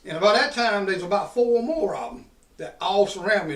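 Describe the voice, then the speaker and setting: A man's voice: high voice, lively intonation, normal speed, fairly bright tone. A man, hosting a podcast and telling a rowdy, profane story in a casual drawl. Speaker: podcast host. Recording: roomy sound from a distant mic.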